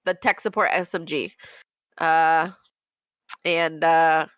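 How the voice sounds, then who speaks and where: A young woman co-hosting a podcast, telling a story in casual chat, animated, laughing often and acting out quotes in high voices. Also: slow pace, clear, resonant tone, dry recording. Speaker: podcast co-host.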